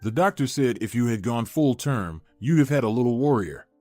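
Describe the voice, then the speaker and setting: Gentle older mom soothing softly read by a man, dry close, faint music. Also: mid-range voice, expressive, normal speed, no room sound, lightly acted. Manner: soft, soothing.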